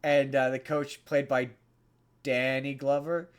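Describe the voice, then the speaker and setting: A man's voice: medium pitch, flat delivery, slow pace, smooth. A man hosting a podcast, casually retelling a movie plot in a rambling way, with lots of restarts. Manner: rambling, many restarts, puts on character voices in retellings. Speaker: podcast host.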